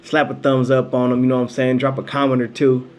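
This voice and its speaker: A man's voice: mid-range voice, monotone, fast, darkish tone, a little hiss or hum. A man narrating his own hobby video in an upbeat, playful voice-over, with a slangy sign-off. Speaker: aquarium hobbyist vlogger.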